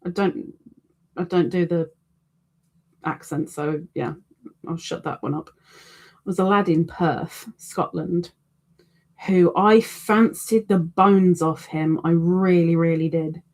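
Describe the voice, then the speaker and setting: A woman's voice: fairly low pitch, slow, long pauses, darkish tone. A middle-aged woman hosting a crochet live stream, chatting casually and self-deprecatingly, reading out viewer comments.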